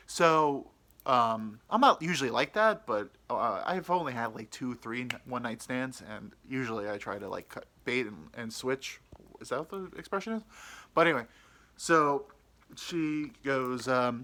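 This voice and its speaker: Male podcast host, casual storyteller, bright sharp tone, rambling and frank. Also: medium pitch, lively intonation, unhurried. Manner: rambling, frank and crude, lots of fillers.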